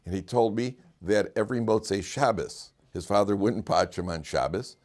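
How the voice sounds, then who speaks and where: A man's voice: lowish voice, normal speed, darkish tone. A man, a rabbi, giving an informal Torah class to listeners, joking and often restarting his sentences. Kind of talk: conversational Torah lecture with stories.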